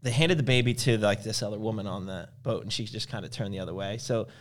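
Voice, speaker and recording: Talking fast in a lowish voice, this man rambles through lengthy stories in a casual chat. He performs the quoted voices of the characters as he goes.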